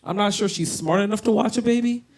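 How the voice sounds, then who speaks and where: A woman's voice: mid-range voice, fast talker, a little mellow. A woman tells stories through a stand-up set, brash and profane. She works a handheld mic on a small bar stage. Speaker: stand-up comedian. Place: comedy bar stage, indoors.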